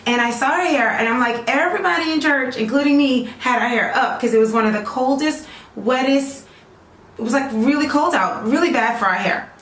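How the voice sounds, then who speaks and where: A woman's voice: high voice, a little fast, a bit bright, roomy sound. A woman chatting casually to her viewers in a rambling, friendly vlog, checking in with them often. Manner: chatty, rambling, talks straight to viewers with lots of "okay?". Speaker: natural hair vlogger selling her own products.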